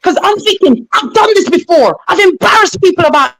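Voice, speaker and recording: A woman's voice: very high-pitched, lively intonation, a little fast, poor audio. Woman bantering on a live panel. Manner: playfully indignant, teasing.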